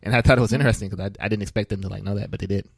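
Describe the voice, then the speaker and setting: A man's voice: fairly low pitch, steady tone, very fast, vocal fry, husky, no echo, clean studio sound. A man hosting a podcast, telling stories in a loose, joking way and laughing often. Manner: loose, chatty storytelling. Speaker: podcast host. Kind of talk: casual chat.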